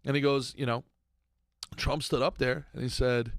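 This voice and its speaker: A man co-hosting a comedy podcast, ranting in a casual, animated way that swings from loud outbursts to mumbled asides. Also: medium pitch, normal speed, long pauses, dry recording, studio quality. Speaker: podcast co-host.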